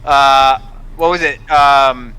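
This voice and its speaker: Male player, casual and joking, very bright and forceful tone. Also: mid-range voice, fairly even intonation, takes it slowly, clean tone, rough recording. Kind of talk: casual tabletop game play.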